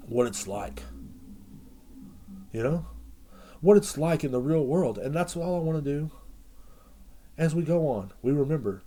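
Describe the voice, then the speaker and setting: A man's voice: medium pitch, darkish tone. A man hosting his own podcast, ranting in a rambling, sardonic, profanity-heavy monologue. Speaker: podcast host. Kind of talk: casual rant monologue.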